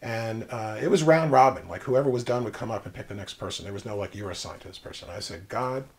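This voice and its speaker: Low-voiced man telling a personal story. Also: a little mellow. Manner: reflective, emphatic storytelling with pauses. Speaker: interview guest.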